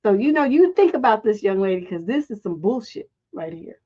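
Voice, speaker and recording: A middle-aged woman hosting a relationship advice livestream, telling stories in a blunt, profane, animated way. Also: medium pitch, brisk, hardly any pauses, dull audio.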